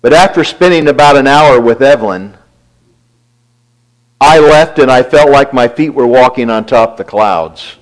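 A man giving a devotional talk, earnestly retelling a friend's words and quietly counting his blessings. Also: medium pitch, normal speed, low-quality recording. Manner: reflective, quiet listing of blessings.

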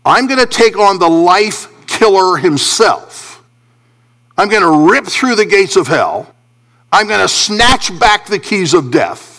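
A middle-aged male pastor preaching a sermon, swinging from soaring emphasis to hushed low phrases. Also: sing-song, slow pace.

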